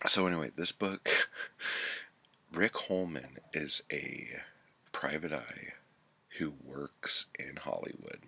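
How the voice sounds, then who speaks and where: A man's voice: a bass voice, animated, takes it slowly, creaky, pauses often, bright, forceful tone, husky. A man giving a casual book review, loose and chatty, with lots of filler words and free swearing.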